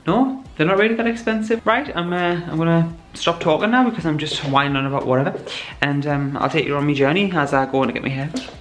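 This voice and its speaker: A man's voice: on the high side, quick pace, few pauses, a bit bright. A young man, chatting casually to the camera in a rambling vlog. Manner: chatty, rambling, laughs often. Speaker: vlogger.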